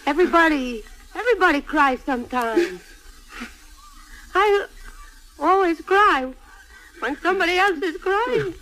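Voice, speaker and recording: An actress playing a blunt, grieving widow and seamstress. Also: female voice, very high-pitched, animated, unhurried, long pauses, fairly bright tone, a little hiss or hum, heavily acted, rough recording. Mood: consoling. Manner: blunt, scolding then tender. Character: fiery grieving Italian-American widow seamstress. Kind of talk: stage or film drama acting.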